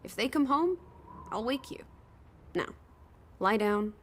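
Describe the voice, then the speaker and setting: A woman's voice: fairly high pitch, lively intonation, takes it slowly, slight background noise. An actress playing a bossy, skeptical young woman companion in a video game, curt and dismissive. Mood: commanding.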